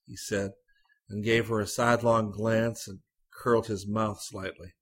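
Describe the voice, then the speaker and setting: Husky, low-voiced male story reader. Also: flat delivery, a little slow. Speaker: narrator. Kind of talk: literary short story reading.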